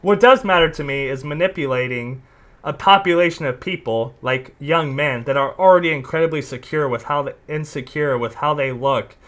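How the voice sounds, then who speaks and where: A man's voice: on the high side, normal speed, a bit bright. A man hosting a casual reaction commentary, talking bluntly and sarcastically and swearing freely. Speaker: commentary host.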